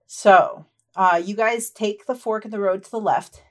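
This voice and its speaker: Woman game master, relaxed chatty narration, middle pitch, scene descriptions. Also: unhurried.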